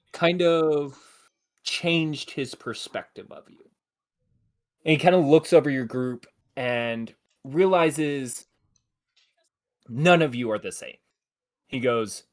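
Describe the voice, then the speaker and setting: A man running a tabletop game on a live stream, narrating with many pauses and fillers. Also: mid-range voice. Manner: hesitant, many fillers, apologetic. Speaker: game master.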